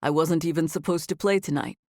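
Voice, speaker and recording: A woman voicing an easygoing, quietly confident young male star in an audiobook. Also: deep voice, fairly quick, dry recording, studio quality. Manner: relaxed, quietly assured.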